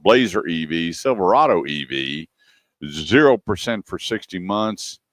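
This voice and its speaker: Deep-voiced man telling a story. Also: measured pace, no room sound, studio quality. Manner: animated storyteller, acts out quotes. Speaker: radio show co-host. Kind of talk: casual radio chat and storytelling.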